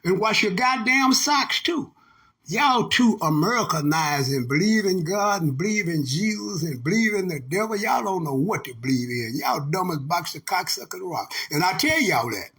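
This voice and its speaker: Older man with a drawl, high husky voice, profane preachy rant. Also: lively intonation, moderate pace, fairly bright tone. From Texas. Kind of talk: casual monologue rant.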